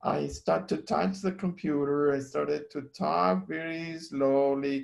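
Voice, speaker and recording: A man with a fairly high, gravelly voice talks through a story on a casual call. He is earnest and halting, doubling back on words as he searches for them. The delivery is unhurried and sincere.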